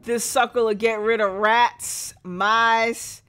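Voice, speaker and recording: A woman voicing a folksy, smooth-talking male gas station attendant in a drawling put-on country accent, reading a game's dialogue aloud. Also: on the high side, steady tone, takes it slowly, a bit bright, soft background music. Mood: salesy.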